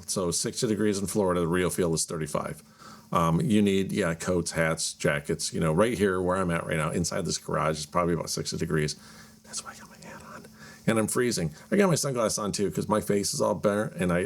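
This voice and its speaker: A man with a very deep voice and a gravelly edge hosts his own show from a cold home garage. He talks in a loose, rambling, chatty way and pokes fun at himself as he goes. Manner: rambling, chatty, self-deprecating. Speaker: podcast host. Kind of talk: casual solo talk.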